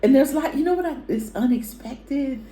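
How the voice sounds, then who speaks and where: A woman's voice: high voice, animated, moderate pace, warm tone, a little hiss or hum. A woman co-hosting a vlog, telling travel stories in a chatty, rambling way with many fillers. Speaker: vlog co-host. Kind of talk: casual chat. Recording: echoey room.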